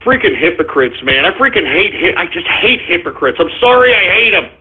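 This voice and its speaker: Male radio host, high voice, caustic ranting delivery, phone-quality audio. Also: very animated, a little fast, background noise. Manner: abrasive, insulting, sarcastic. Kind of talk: live internet radio shout-outs and rant. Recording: tinny phone-like sound.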